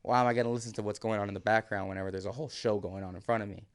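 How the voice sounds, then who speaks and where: A man's voice: fairly low pitch, steady tone, rapid-fire. Man, podcast guest, loose storyteller who swears and plays out each quote. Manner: vivid, swearing, re-enacts quotes. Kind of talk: casual storytelling.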